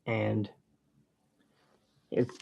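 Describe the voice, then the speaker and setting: A man's voice: on the low side, level tone, very slow, vocal fry, warm tone, husky. A man hosting his channel, chatting casually and rambling with jokes while he draws. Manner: rambling and jokey. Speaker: artist and channel host. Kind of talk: casual chat while drawing.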